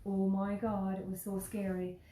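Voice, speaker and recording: An Irish woman telling a story in casual, animated chat, full of "like" and the odd swear word. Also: medium pitch, moderate pace. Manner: animated, chatty, peppered with swearing and "like". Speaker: podcast host. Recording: roomy echo.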